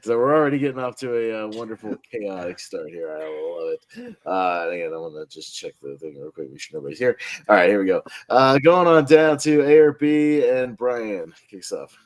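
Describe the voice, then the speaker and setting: A man's voice: on the low side, big pitch swings, moderate pace. A man hosting a casual online group chat, upbeat and laughing often as he runs the votes. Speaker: host.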